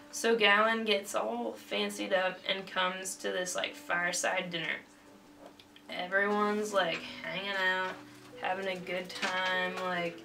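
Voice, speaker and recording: Recorded from a distance in a roomy space with faint music behind her, a young woman who is drunk rambles through an old tale in slang, with lots of fillers and restarts. Her medium-pitched voice is level, unhurried, gravelly, bright and forceful.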